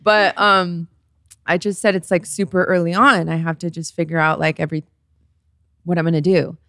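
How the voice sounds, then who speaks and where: A woman's voice: lowish voice, level tone, moderate pace, fairly bright tone, no room sound, studio quality. A young woman co-hosting a casual chat, telling a candid personal story and swearing freely.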